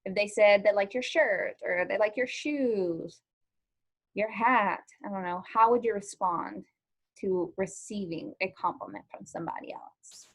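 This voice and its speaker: A woman leads a live online lesson in a loose, conversational way. She fills her speech with ums and likes and keeps turning to the class with questions. Her voice sits at an ordinary middle pitch. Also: measured pace. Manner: chatty, lots of ums and likes, asks students questions. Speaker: teacher.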